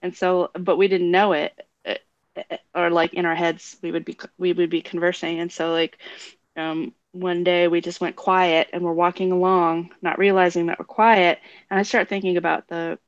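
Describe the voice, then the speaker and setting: A woman's voice: on the low side, level tone, normal speed, dry recording. Chatty woman telling stories, lo-fi. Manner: storytelling, acts out quoted voices, laughs often. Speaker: co-host. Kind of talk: casual chat. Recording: dull lo-fi sound.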